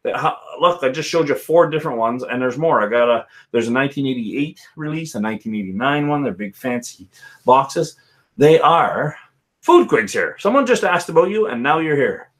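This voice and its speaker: A man's voice: mid-range voice, moderate pace, fairly bright tone. A man hosting a casual whisky live stream, rambling and chatting with viewers by name. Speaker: livestream host.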